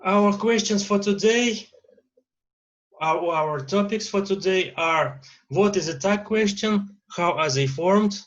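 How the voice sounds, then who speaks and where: A man with a Russian accent teaching an English grammar lesson, pausing often with "uh" fillers. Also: high-pitched, fairly bright tone, lo-fi sound. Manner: lecturing with many uh fillers and pauses.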